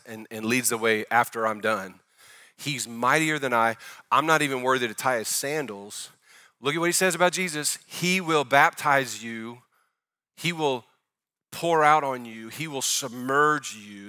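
A middle-aged male pastor preaching a sermon in an animated style, speaking directly to the congregation and acting out the voices he quotes. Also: medium pitch, measured pace.

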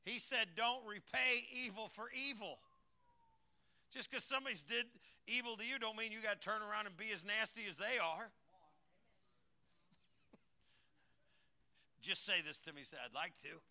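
Older male pastor, high bright voice, folksy joking preacher, sermon in a church. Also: a little slow, long pauses. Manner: folksy, joking, calls to congregation. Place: church sanctuary.

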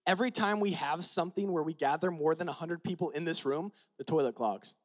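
A man preaching a sermon as pastor, swinging from shouted retellings to quiet, confiding asides. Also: fairly high pitch, fairly quick.

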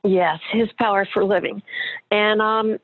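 A woman's voice: mid-range voice, steady tone, measured pace. Earnest woman over a phone line. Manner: earnest, emotional storytelling with light laughs. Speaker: actress guest. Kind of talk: personal testimony in interview.

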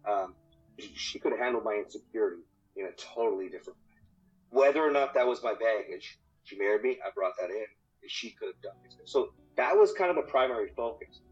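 A man's voice: lowish voice, expressive, fairly quick. A man guest in an interview, talking casually and with energy, swearing freely and repeating words, about marriage. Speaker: podcast guest, marriage coach. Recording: dull lo-fi audio with faint music.

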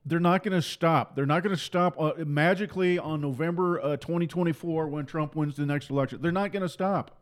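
A man preaching a fiery political sermon to pastors, forceful and repetitive, full of mocking rhetorical questions. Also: a little high, brisk, few pauses.

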